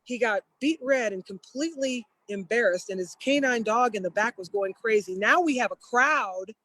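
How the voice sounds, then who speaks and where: A woman guest telling a story in a casual, lively way, laughing often and slipping into the voices of the people she quotes. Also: a little high, normal speed, no echo, poor audio.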